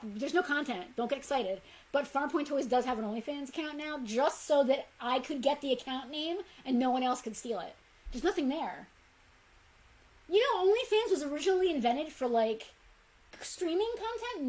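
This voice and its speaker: A woman's voice: sits high, expressive, moderate pace, low-quality recording. A woman co-hosting a toy shop's live stream, chatting casually and promoting the membership group. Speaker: co-host of a toy shop live show.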